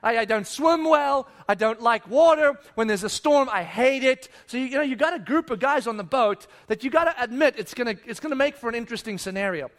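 Man, very high voice, pastor preaching; animated storyteller, lots of rhetorical questions, chatty with the congregation. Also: brisk, few pauses. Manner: conversational, addresses listeners directly. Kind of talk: sermon.

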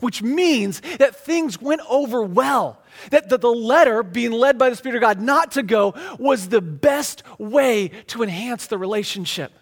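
A man's voice: very high voice, animated, a little slow, hardly any pauses. A man preaching a sermon in a conversational, emphatic way, often restarting and repeating words. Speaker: pastor.

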